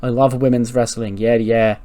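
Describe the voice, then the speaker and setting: A man voicing an excitable female guest commentator who swears loudly. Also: medium pitch, normal speed, close to an everyday voice. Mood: excited. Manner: loud, swearing.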